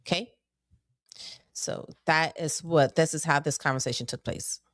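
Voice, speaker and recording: A woman's voice: low voice, measured pace, a bit bright, no echo. Woman host explaining, dry close sound. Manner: explanatory, hedging. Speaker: commentator host. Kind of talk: commentary on a played clip.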